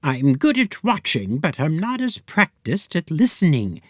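A man's voice: fairly high pitch, wildly swooping pitch, measured pace, fairly bright tone, no room sound, studio quality, voice pushed up, heavily acted. A man voicing a fanciful female fortune teller with a dreamy, prim manner. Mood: wistful.

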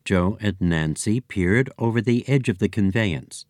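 A man reading a children's story aloud as narrator, with expressive storytelling. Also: on the low side, a little slow, no echo, studio quality. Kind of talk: audiobook narration.

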